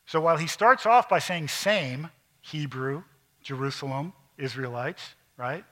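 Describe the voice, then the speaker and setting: A middle-aged male pastor preaching a sermon, emphatic at times and dropping to quiet, intense asides. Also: fairly high pitch, unhurried.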